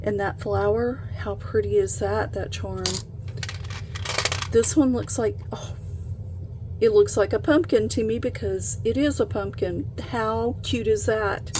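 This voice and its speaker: A woman hosting a craft vlog, gushing with excitement in a casual chat as she unboxes things. She speaks at an unhurried pace, with a clear hum of background noise in her home room. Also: medium pitch. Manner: gushing, excited, gasps and laughs often. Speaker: craft channel host.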